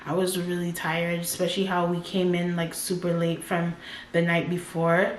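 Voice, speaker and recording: A woman's voice: lowish voice, completely flat delivery, normal speed, a little hiss or hum. A woman in her twenties telling a personal story as a casual storytime vlogger, talking in loose run-on sentences full of "like". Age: 20s. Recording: roomy echo.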